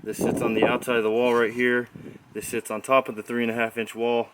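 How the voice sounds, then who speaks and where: A man talks through carpentry on an outdoor job site, relaxed and folksy as he explains each step. His voice sits at a middle pitch. Wind gusts across the camera's built-in mic, adding clear noise behind him. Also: brisk. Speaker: builder showing his work. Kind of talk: casual job-site walkthrough. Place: outdoor construction site, windy. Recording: windy outdoor camera audio.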